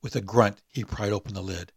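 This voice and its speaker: A man hosting a podcast, chatting hesitantly before reading a spooky short story aloud. His voice is husky and mid-pitched. The sound is dry and close. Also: fairly even intonation, brisk, dry recording. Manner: hesitant, full of fillers and restarts in chat.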